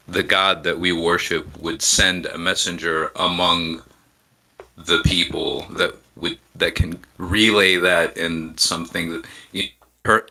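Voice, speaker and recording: A man speaking as a guest on a live show, giving measured, reflective answers with frequent pauses and restarts. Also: deep voice, sharp tone, rough recording. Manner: hesitant, with frequent ums and restarts.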